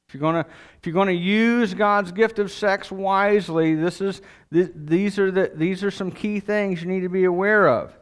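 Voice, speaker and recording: A man's voice: sits high, steady tone, moderate pace, clean tone. A middle-aged man preaching a sermon, reading scripture and then explaining it in a conversational way with asides. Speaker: pastor.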